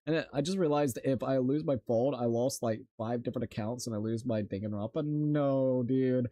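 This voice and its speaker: A man's voice: medium pitch, normal speed, dark tone, no room sound. A young man livestreaming and reading a story aloud in a loose, slangy way, often stumbling over words. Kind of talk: casual stream chat and reading aloud.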